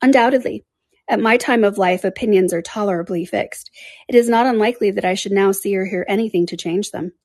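A woman reading aloud, voicing an eager, passionate young woman in an animated, emphatic manner. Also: mid-range voice, brisk, dry recording, clean studio sound, close to an everyday voice. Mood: earnest.

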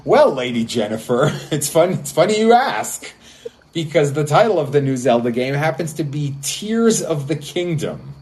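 Man, podcast host, casual, giggly, rambling, lively pitch. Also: normal speed. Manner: giggly, rambling, many fillers and restarts.

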